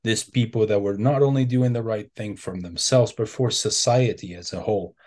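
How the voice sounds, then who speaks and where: Male interview guest, lowish voice, hesitant delivery with restarts. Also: normal speed, a little mellow. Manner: hesitant, many restarts and fillers. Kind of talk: casual conversational interview.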